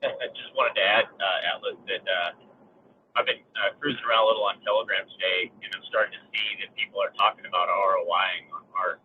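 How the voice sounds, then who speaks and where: A man's voice: sits low, steady tone, fairly quick. A man co-hosting a casual podcast, chatty and enthusiastic, laughing between his points. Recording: tinny phone-like line with faint noise.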